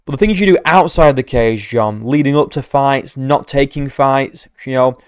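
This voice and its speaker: A man's voice: mid-range voice, moderate pace, clean tone, no echo, studio quality. A man giving profane, mocking reaction commentary as an MMA commentator, ranting sarcastically.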